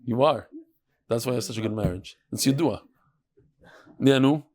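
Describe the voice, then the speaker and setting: A middle-aged man teaching a lively Talmud lesson to a live audience, mixing Hebrew and Yiddish terms and joking with listeners. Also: mid-range voice, moderate pace, crowd noise. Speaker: rabbi teaching a daily Talmud class. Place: study hall with a live audience.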